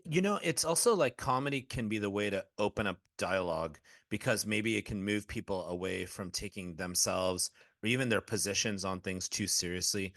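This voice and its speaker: A low-voiced man hosts a podcast interview. He frames his questions in a thoughtful, measured way. The recording is close and dry. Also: a bit bright, no echo. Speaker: podcast host.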